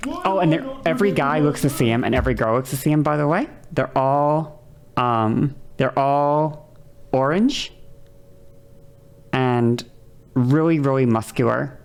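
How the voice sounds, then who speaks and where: A woman streamer chatting casually while she reacts to a video, rambling and cutting herself off, and now and then acting out quoted lines in a higher voice. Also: measured pace. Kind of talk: casual chat.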